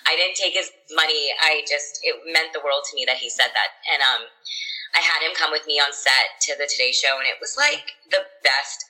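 Young woman guest, low voice, super chatty, says like a lot, sharp bright tone. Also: brisk, rough recording. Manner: animated, chatty, says "like" constantly. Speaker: interview guest. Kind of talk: casual storytelling interview.

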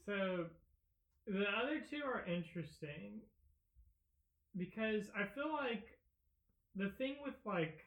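A man's voice: high-pitched, lively intonation, slow, pauses often. A man chatting casually in a podcast discussion, rambling with hesitant restarts. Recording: tinny phone-like line, roomy echo.

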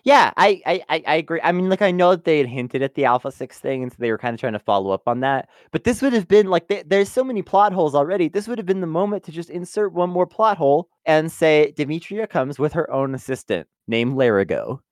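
Giggly animated podcast co-host, man. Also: on the high side, quick pace, hardly any pauses, dry recording, studio quality. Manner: laughs a lot, stammers, playful mock voices. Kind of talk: casual review chat.

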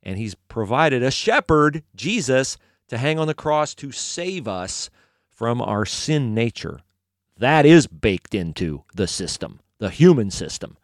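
A man preaching a sermon in a conversational, animated storytelling manner. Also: medium pitch, unhurried, no room sound, studio quality.

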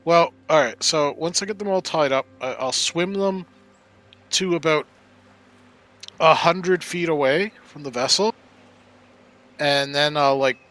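Bright-voiced man player. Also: medium pitch. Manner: casual, laying out plans step by step. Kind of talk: tabletop role-play chat.

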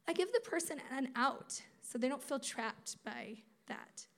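A woman giving a sermon at a conference, conversational and animated, acting out quotes as she teaches. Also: high voice, measured pace. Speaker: speaker at a campus ministry conference.

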